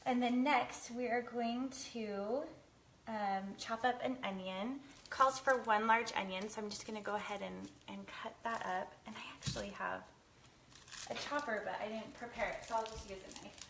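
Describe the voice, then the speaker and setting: A woman's voice: fairly high pitch, steady tone, normal speed, vocal fry, background noise. A woman in her thirties hosting a live cooking stream from her kitchen, chatting with viewers, laughing often, teary from cutting onions. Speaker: lifestyle show host. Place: home kitchen.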